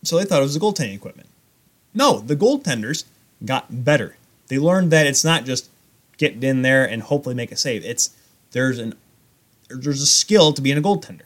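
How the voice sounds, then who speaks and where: A man's voice: mid-range voice, moderate pace. A young man co-hosting a podcast, rambling in casual chat about hockey and goaltending. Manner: animated, rambling hockey talk. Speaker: podcast co-host.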